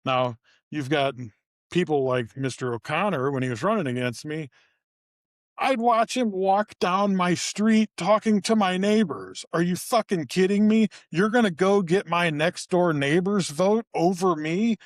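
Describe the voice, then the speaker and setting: Profane, animated middle-aged man. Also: a little slow, dry recording, clean studio sound. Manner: profane, animated storytelling with sudden pitch jumps. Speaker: podcast co-host. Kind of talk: casual ranting chat. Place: studio.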